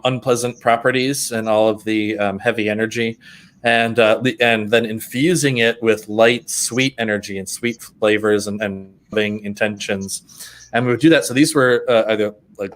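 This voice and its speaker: A man co-hosting a spiritual podcast, recounting an anecdote in a rambling, hesitant way. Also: mid-range voice. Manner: rambling, hesitant, with fillers and restarts. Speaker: podcast co-host. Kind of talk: casual spiritual chat.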